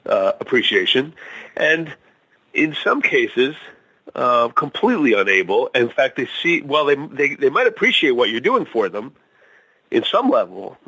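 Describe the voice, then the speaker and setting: A man speaking as a guest on a talk show. He talks casually and hesitantly, with fillers and restarts, at a middling pitch. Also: big pitch swings, pushed and bright, slightly rough, rough recording. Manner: hesitant, many fillers and restarts, tells jokes slowly. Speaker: guest author.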